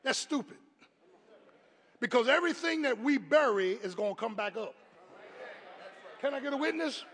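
A man preaching a sermon as pastor, with call-and-response lines, swinging from quiet talk to shouted peaks. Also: very high-pitched, expressive, moderate pace, long pauses, breathy edge, long reverb tail.

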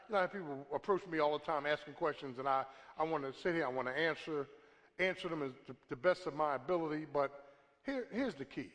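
A man preaching a sermon as pastor, calling for a witness from the congregation, swinging from shouts down to a hush. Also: a little high, lively intonation, fairly quick. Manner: call-and-response preaching, asks for a witness; builds to shouts, then drops to a hush. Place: church sanctuary. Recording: long reverb from a large hall.

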